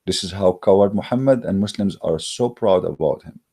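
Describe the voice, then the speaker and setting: Scornful low-voiced man ranting. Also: brisk, warm tone, breathy edge. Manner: scornful, mocking, emphatic with many fillers. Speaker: online religious debater. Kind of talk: heated polemical monologue. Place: recorded while in Germany.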